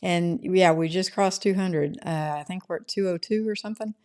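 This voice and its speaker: Speaking at a moderate pace, this middle-aged woman has a fairly low, somewhat mellow voice. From her home she hosts an easygoing livestream, reading the chat aloud and rambling through replies with a habitual "right?"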